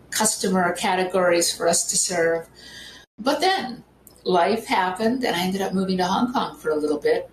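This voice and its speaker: A woman's voice: on the low side, a little hiss or hum. A middle-aged woman hosting her own podcast, chatting upbeat and gushing about how fun things were. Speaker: podcast host and founder. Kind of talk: casual solo podcast monologue. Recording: roomy echo.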